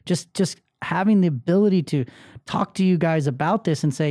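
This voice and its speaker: A man's voice: a little high, fairly quick, a little mellow, no room sound, clean studio sound. A man hosting a solo motivational podcast, talking bluntly and with plenty of swearing about a bad day and feeling angry. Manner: blunt, profane, emotionally open. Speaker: podcast host.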